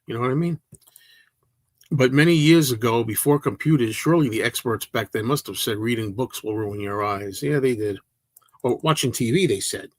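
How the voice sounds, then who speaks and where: A man's voice: mid-range voice, a little fast, slightly rough, no echo. A man hosting a casual livestream, answering viewer comments in a rambling, chatty way that often restarts mid-sentence. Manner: rambling, self-interrupting, chatty.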